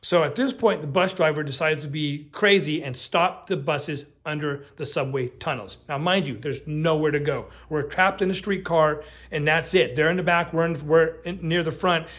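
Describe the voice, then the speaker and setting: Brief: middle-aged guy, slightly high voice, rambling storytime full of swearing and false starts. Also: normal speed, few pauses. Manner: animated, profane, lots of restarts and fillers. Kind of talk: casual true-crime storytime.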